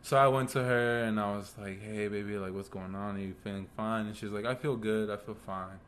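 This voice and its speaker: Laid-back young man with a low voice. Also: fairly even intonation, a little fast, a bit bright. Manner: laid-back storytelling with frequent fillers. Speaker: podcast co-host. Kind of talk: casual chat.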